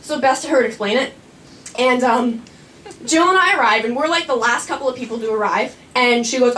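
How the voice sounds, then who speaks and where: A woman's voice: a little high, a little fast, a bit bright. A young woman telling a nervous, rambling, self-mocking story live on stage. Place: small performing arts studio. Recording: stage voice from a distance with faint room noise.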